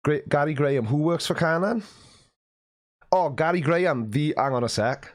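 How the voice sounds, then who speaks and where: A man's voice: on the high side, normal speed. Chatty Welsh man hosting a live stream. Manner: chatty and teasing, often clears his throat. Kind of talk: casual live stream chat, reading out viewer comments. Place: warm room at home, at his desk.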